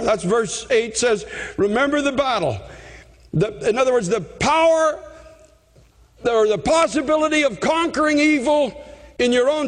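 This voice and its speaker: A man preaching a fervent sermon, often repeating himself and rising to shouts. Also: very high-pitched, in a large hall.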